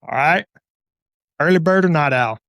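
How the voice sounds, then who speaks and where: Gravelly-voiced male podcast host. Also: fairly high pitch, normal speed, fairly bright tone, dry recording, clean studio sound. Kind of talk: casual interview.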